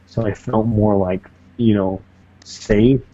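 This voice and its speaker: Man, low mellow voice, casual podcast storyteller, swears a lot, acts out the voices in his story, dull lo-fi audio. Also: slow pace. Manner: animated, profane, acts out the voices of people in the story. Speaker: podcast co-host.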